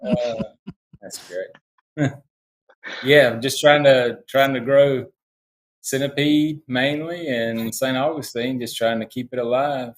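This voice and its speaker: A man's voice: mid-range voice, fairly even intonation, slow pace, rough recording. A man with a South Georgia accent, an easygoing podcast guest in casual chat.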